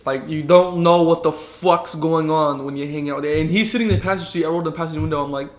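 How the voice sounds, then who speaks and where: A nineteen-year-old man from Southern California, co-hosting a casual podcast chat, telling stories with lots of swearing and quick impressions of people he quotes. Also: on the high side, reverberant. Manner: animated storytelling, swears a lot, does voices of people he quotes. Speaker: podcast co-host.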